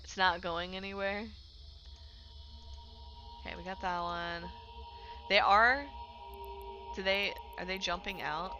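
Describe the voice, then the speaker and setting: A woman game streamer giving excited, chatty, slangy live commentary as she watches and plays. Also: medium pitch, takes it slowly, long pauses, highs cut off. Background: background music.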